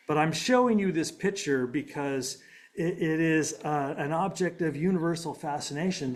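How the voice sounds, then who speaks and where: A middle-aged man lecturing to an audience in an easy, conversational way. He pauses on fillers and restarts his phrases. His voice sits at an ordinary pitch for a man. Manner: conversational, self-deprecating, with frequent fillers and restarts. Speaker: philosophy lecturer. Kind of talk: public talk with slides.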